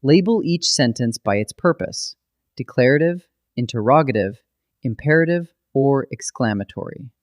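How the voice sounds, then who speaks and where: A man narrating a scripted grammar lesson, explaining rules in a steady, methodical way. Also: mid-range voice, moderate pace, dry recording, studio quality. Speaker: grammar teacher.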